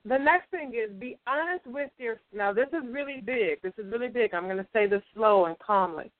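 A woman's voice: on the high side, brisk, dry recording. Emphatic woman on a phone line. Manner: emphatic, says "absolutely" often. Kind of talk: motivational talk show chat. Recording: phone-line audio, dry.

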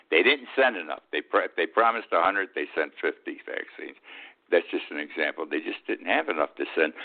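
A man hosting his own weekly radio talk show, giving blunt, indignant opinion commentary. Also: low voice. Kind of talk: opinion monologue. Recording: tinny phone-like lo-fi sound.

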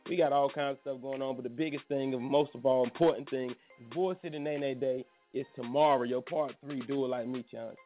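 A man's voice: mid-range voice, fairly even intonation, brisk, few pauses, faint music behind. A man hosting a casual live morning show, joking and running loosely through the news. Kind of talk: casual live radio chat. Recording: tinny phone-like line.

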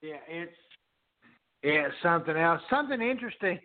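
A podcast co-host chats casually and animatedly, swearing freely and quoting others in put-on voices. His voice is on the high side at a normal speed. The sound is dry, with no echo, narrow and phone-like.

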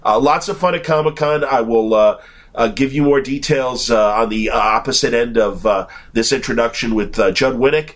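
Podcast host, male, Chicago accent, congested with a cold, casual and rambling, mid-pitched voice. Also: moderate pace. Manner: rambling, many filler "uh"s. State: has a cold.

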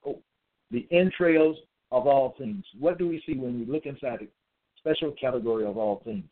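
A man's voice: medium pitch, normal speed. A man preaching alone, reading scripture aloud and remarking on each verse. He repeats phrases and keeps asking "okay?". His voice comes through thin and tinny, as if over a phone line. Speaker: self-styled preacher. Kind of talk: solo religious monologue reading scripture.

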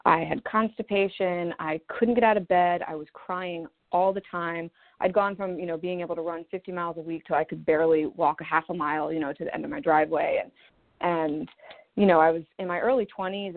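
A woman in her thirties from Maryland, a naturopathic doctor telling her own story in a chatty interview, acting out quotes as she goes. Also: lowish voice. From Maryland, USA. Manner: chatty, with quoted asides and laughs. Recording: phone-line sound.

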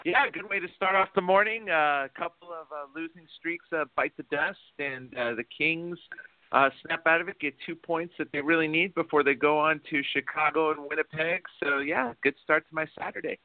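A man co-hosting a casual sports talk show, rambling with many hesitant pauses. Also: a little high, no room sound. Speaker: co-host, hockey fan. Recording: dry, phone-like lo-fi audio.

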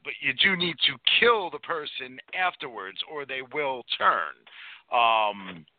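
A man's voice: mid-range voice, expressive, slow. A man co-hosting a casual horror film podcast, adding points of vampire lore. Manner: adds lore corrections, quips quoted movie lines. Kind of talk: casual film-review chat. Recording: tinny phone line with faint noise.

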